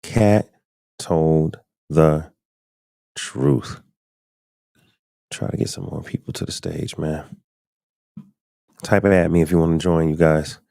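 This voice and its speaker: A man's voice: extremely low pitch, level tone, normal speed, gravelly, long pauses, darkish tone, no echo, clean studio sound. A man hosting a live podcast stream, chatting loosely and speaking straight to his viewers. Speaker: podcast host. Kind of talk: casual live-stream commentary.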